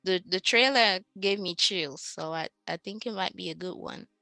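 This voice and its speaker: A woman in a casual group conversation, animated and laughing often. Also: on the low side, normal speed, vocal fry, no echo, faint music behind, low-quality recording.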